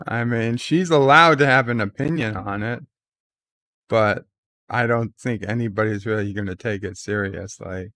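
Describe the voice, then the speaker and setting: A man's voice: on the low side, moderate pace, sharp tone. A man hosting a livestream, casually reading viewer comments aloud with many filler uhs. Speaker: livestream host.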